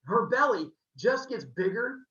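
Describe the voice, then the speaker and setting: A man hosting a podcast, telling a myth in a playful, animated way with jokey asides. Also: very high voice, unhurried. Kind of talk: comic storytelling. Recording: roomy, slightly muffled.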